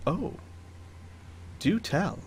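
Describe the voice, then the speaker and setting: A man voicing a haughty noble baroness, speaking in a low, hushed, drawn-out way. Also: a little hiss or hum.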